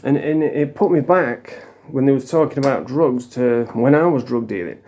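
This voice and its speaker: A man's voice: mid-range voice, normal speed, dark tone. A British man talking straight to camera in a casual, rambling monologue that often turns heated and profane. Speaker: vlogger in addiction recovery.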